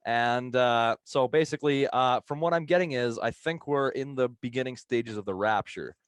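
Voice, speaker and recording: A man's voice: mid-range voice, moderate pace, hardly any pauses, clean tone, dry recording, studio quality. A man on a casual podcast who tells a long story in a rambling, profane way and laughs often as he goes. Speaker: podcast co-host telling a story.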